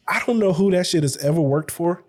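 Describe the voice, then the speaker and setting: A man's voice: sits high, expressive, normal speed, darkish tone. A man co-hosting a podcast, ranting in loose, profane casual chat and laughing often. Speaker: podcast co-host.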